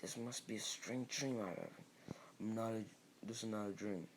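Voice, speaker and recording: A man's voice: lowish voice, moderate pace, slight background noise, close to an everyday voice, low-quality recording. A man voicing a bewildered and frustrated young boy ninja. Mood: confused.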